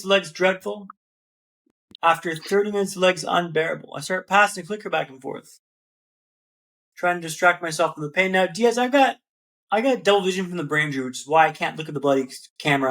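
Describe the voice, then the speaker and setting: A man with a notably high voice tells his story as a podcast guest. He builds each scene in rhythmic repeated phrases and keeps calling the host "man". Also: fast, fairly bright tone. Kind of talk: dramatic storytelling in an interview.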